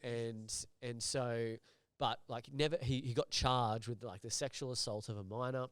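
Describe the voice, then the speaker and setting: A man, a recruitment agency director, telling an anecdote in casual chat, animated and swearing freely. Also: mid-range voice, normal speed, clean tone, no room sound. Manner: animated, swears a lot, acts out voices in anecdotes.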